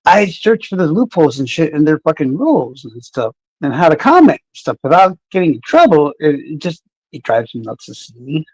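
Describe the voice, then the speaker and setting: A man's voice: on the high side, very animated, brisk, no echo, rough recording. A man talking casually and sarcastically to viewers on a live stream, rambling and cursing. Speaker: true crime streamer.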